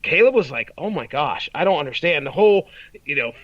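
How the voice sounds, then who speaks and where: A man's voice: on the high side, lively intonation, brisk, fairly bright tone, no echo, dull audio. A man in his thirties co-hosting a podcast in casual chat, rambling with restarts and frequent laughter. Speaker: podcast co-host.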